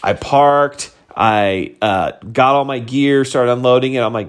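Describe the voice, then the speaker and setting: A man telling a personal story in a casual, animated way, full of fillers. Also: mid-range voice, moderate pace, few pauses. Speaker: vlogger.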